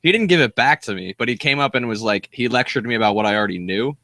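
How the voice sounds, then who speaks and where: A man's voice: mid-range voice, expressive, fast, sharp tone, no room sound. A man co-hosting a casual comedy podcast, teasing the others in a dry way.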